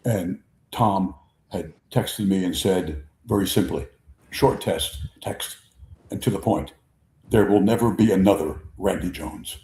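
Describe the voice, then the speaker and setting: A man in his seventies hosts a sports talk show and rambles through a long anecdote, circling back over his own words. His voice sits a little low, and the room around him rings with echo. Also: unhurried. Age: 70s. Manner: rambling, repeats himself, animated impressions in stories. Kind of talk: conversational storytelling. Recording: echoey room.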